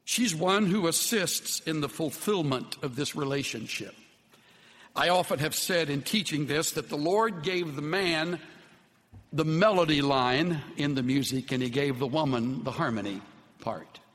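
A man preaching a sermon with an earnest, unhurried delivery that softens to tender, quiet passages. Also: a little high, in a large hall. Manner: slow, earnest preaching with soft, tender dips. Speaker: pastor.

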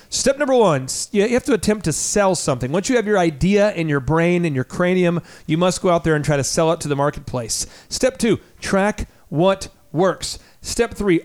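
A male radio show host who talks energetically and emphatically, speaking straight to his listeners. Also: on the high side. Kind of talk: radio talk show interview.

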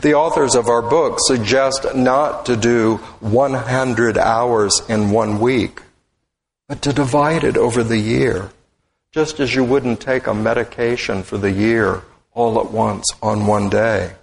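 A male minister preaching a sermon in short, deliberate, measured phrases. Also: mid-range voice, fairly even intonation, gravelly. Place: church sanctuary. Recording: echoey hall with long reverb.

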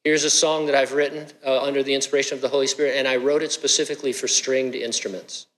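A man's voice: mid-range voice, flat delivery, fast, fairly bright tone. A middle-aged man preaching a sermon, conversational and joking, with asides to the congregation. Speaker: pastor. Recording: long hall reverb.

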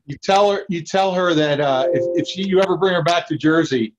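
High-voiced man telling animated stories. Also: a little fast, lo-fi sound, background noise. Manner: lively anecdotes with acted-out quotes and laughs. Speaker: guest, park founder's son. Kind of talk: animated storytelling.

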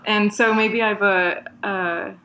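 A woman's voice: medium pitch, fairly even intonation, slow, bright, forceful tone, a little hiss or hum. A woman from Toronto with a Canadian accent, a guest chatting casually and giggly in an interview, with lots of fillers.

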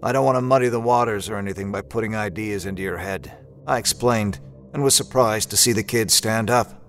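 A man's voice: lowish voice, fairly quick, a bit bright, faint music behind. A man narrating an audio drama in the first person, with a folksy old-timey drawl and a laid-back, wry manner.

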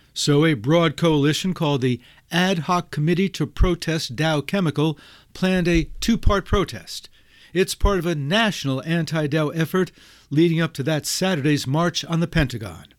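Guy reading a history bit, scripted, even and factual, dry close sound. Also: fairly high pitch, no echo. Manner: measured, factual delivery. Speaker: history segment narrator. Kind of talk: scripted narration.

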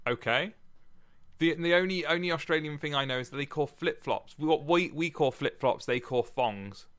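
A man's voice: fairly high pitch, normal speed, a bit bright. A man co-hosting a podcast, chatty and joking as he rambles through a sonnet. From Britain. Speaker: podcast co-host. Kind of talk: casual podcast chat.

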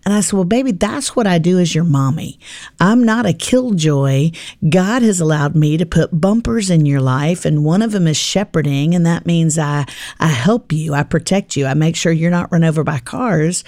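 Low, mellow-voiced woman telling stories. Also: normal speed, no room sound, studio quality. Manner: warm storytelling, acts out dialogue with her daughter. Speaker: podcast guest, author. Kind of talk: casual faith podcast chat.

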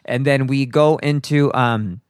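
A man's voice: mid-range voice, unhurried, clean tone, no room sound, clean studio sound. A man who performs in drag, telling a story in a casual podcast chat and acting out the voices he quotes. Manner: lively, acts out quoted voices, casual swearing.

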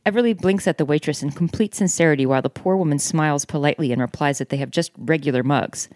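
A woman's voice: sits low, fast, hardly any pauses, darkish tone, no room sound, studio quality. A woman co-hosting a casual show, reading a novel aloud and breaking off to joke and laugh. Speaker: podcast co-host.

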